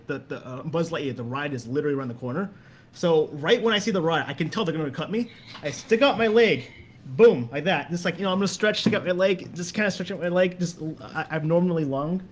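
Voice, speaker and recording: A man's voice: fairly high pitch, slight background noise. A young man telling stories in a casual podcast chat, rambling and repeating words as he goes. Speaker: guest.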